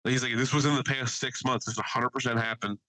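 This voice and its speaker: Podcast co-host, man, bright forceful voice, dry close sound, swearing storyteller. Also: medium pitch, quick pace, dry recording, poor audio. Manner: animated anecdote-telling, swears freely, quotes others. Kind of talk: casual storytelling chat.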